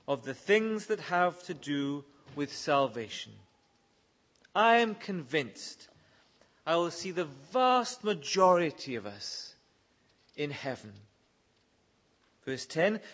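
A man's voice: on the high side, sing-song, slow pace, fairly bright tone. A man preaching a sermon, reading scripture verses aloud and pressing his listeners with earnest questions. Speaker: pastor.

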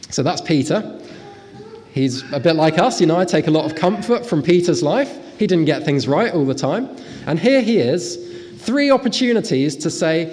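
Brief: male preacher, lively and animated, slightly high voice, church hall with long reverb. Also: moderate pace, a little hiss or hum. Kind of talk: sermon.

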